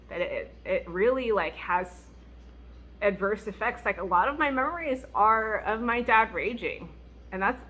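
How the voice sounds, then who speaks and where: A woman speaks as a Christian mom vlogger, offering candid advice rooted in her faith. She talks in a chatty, expressive way and laughs easily. She brings the stories to life by acting out what other people said. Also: mid-range voice, a little hiss or hum. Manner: laughs often.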